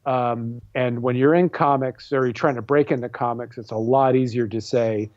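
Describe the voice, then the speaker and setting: A man's voice: medium pitch, fairly even intonation, moderate pace, darkish tone, dry recording. Self-deprecating rambling man, dull recording. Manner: rambling, self-deprecating, many fillers and restarts. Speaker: guest comic book artist and writer. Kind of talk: casual interview chat.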